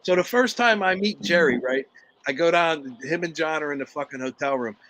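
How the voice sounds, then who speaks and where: Bright-voiced boisterous man. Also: fairly high pitch, a little fast, slight background noise, low-quality recording. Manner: boisterous, crude, laughs a lot. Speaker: podcast co-host. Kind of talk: casual profane storytelling chat.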